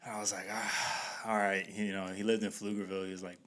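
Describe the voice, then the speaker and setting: A podcast host telling a story in a laid-back way, swearing freely and laughing through it. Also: male voice, fairly low pitch, level tone, fairly quick, a bit bright, a little hiss or hum. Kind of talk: casual storytelling.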